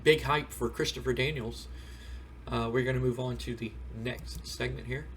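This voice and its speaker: A man's voice: medium pitch, steady tone, moderate pace, fairly bright tone, a little hiss or hum. A man casually recapping a wrestling simulation game playthrough in a rambling, storytelling way. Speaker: game streamer.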